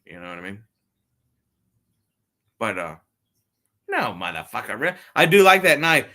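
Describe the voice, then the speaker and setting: This man talks about his toy collection on a phone livestream, rambling, profane and casual as he addresses his chat directly. He speaks unhurriedly in a sing-song, medium-pitched voice that sounds pushed and bright.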